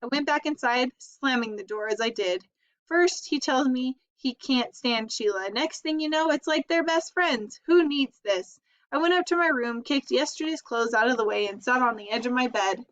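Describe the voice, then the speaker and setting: A woman narrating a children's chapter book aloud in a lively, expressive way. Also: high-pitched, moderate pace. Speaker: audiobook reader. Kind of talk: storybook narration. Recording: dull lo-fi recording.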